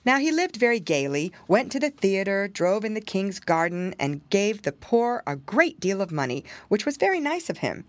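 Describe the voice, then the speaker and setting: A woman reading a fairy tale aloud, expressive storytelling with dramatic exclamations. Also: mid-range voice, moderate pace, hardly any pauses, no echo.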